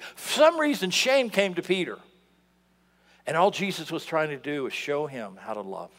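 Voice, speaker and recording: A man preaching a sermon in a church, animated, swinging between loud outbursts and hushed asides. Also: on the high side, moderate pace. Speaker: pastor. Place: church sanctuary. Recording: long hall reverb.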